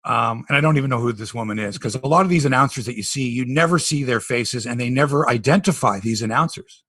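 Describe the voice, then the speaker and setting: A Canadian man hosting a casual sports podcast, telling stories with animated tangents. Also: mid-range voice, quick pace, no echo. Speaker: podcast host.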